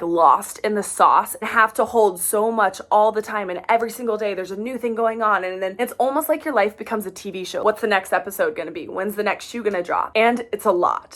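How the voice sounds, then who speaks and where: A woman's voice: medium pitch, a bit bright. A woman in her thirties, just back from a workout class, chatting through a casual storytime vlog with lots of fillers. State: sweaty after a workout class. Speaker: vlogger.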